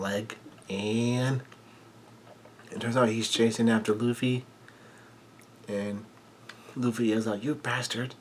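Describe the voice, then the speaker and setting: A man with a fairly low voice walks through a manga chapter panel by panel, stringing events together with "and" and frequent fillers. There is a faint hiss of background noise under his voice. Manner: halting, run-on narration with many fillers. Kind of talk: casual chapter recap.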